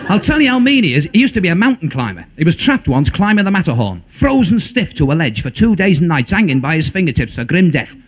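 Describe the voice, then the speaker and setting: A man's voice: sits high, big pitch swings, fast talker, hardly any pauses. A man with a Liverpool accent doing a stand-up comedy routine, chatty and full of stumbling asides.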